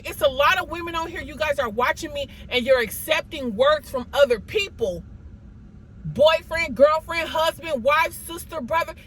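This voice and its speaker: A woman's voice: high-pitched, slight background noise, poor audio. A woman giving an emphatic, repetitive motivational monologue, scolding herself and her viewers in a preachy tone. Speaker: motivational vlogger. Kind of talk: motivational self-talk monologue.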